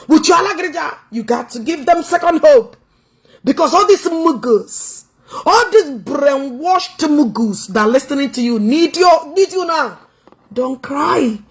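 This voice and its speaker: Her voice sits high and animated, delivered at a measured pace. An Igbo-accented Nigerian commentator, she vlogs confrontationally, taunting and teasing her target loudly as she moves between Igbo, English and Pidgin.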